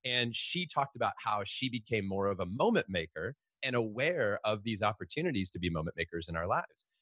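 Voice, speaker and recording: Middle-aged male guest, quick animated storyteller, dry close sound. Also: fairly low pitch, dry recording. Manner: fast, animated storytelling with frequent restarts. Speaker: guest, author. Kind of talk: storytelling in a podcast interview.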